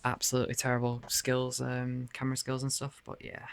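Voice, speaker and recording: A man's voice: mid-range voice, monotone, fairly quick, gravelly, heavy background noise. A man rambling casually to camera in his bedroom about his game collection, laughing and swearing often. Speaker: video game collector showing his cases.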